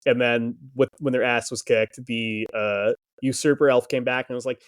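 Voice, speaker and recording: A man's voice: medium pitch, steady tone, brisk, few pauses. A man co-hosting a podcast, riffing on fantasy lore in casual chat with plenty of swearing and jokes. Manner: profane, joking lore rambling. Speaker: podcast co-host.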